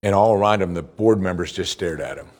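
Earnest male preacher delivering a sermon. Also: a little mellow. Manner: earnest, rises in pitch for emphasis, slows for scripture reading.

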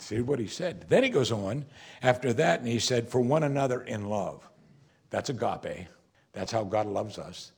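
Husky-voiced man preaching with dynamic emphasis. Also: medium pitch. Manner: rhetorical questions, sudden emphatic rises and quiet drops. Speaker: pastor. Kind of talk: sermon.

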